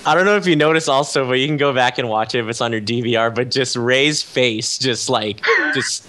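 A man chats casually on a podcast in an animated, amused way. His voice sits at an ordinary middle pitch. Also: a little fast, background noise. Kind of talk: casual chat about TV episodes.

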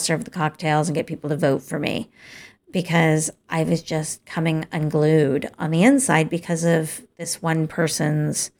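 A middle-aged woman candidly telling a personal story, slowly acting out the dialogue. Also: low voice. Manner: slow, gravelly, candid, with quoted dialogue.

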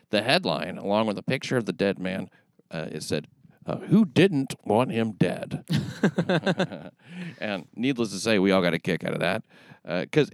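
A man hosting a comedy talk show with a New York accent, delivering ironic remarks in a dry, halting way. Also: lowish voice, dry recording. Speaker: podcast host.

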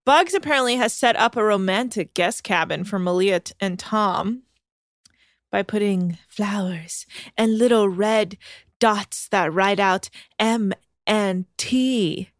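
A woman recapping a reality show in chatty, sarcastic storytelling. Her voice sits at an ordinary pitch for a woman. It is recorded close and dry, with no room sound. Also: slow, no room sound. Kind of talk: casual recap chat.

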